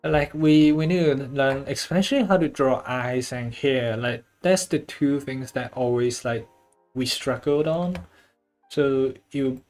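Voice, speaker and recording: Slow, rambling artist chatting while drawing. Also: mid-range voice, darkish tone. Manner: rambling, loose, many filler likes; swears casually. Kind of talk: casual chat while drawing.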